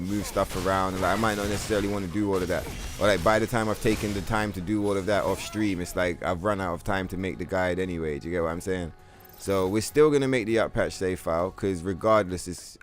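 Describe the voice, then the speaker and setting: Profane, ranting male game streamer. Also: low-pitched. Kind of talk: casual live-stream chat.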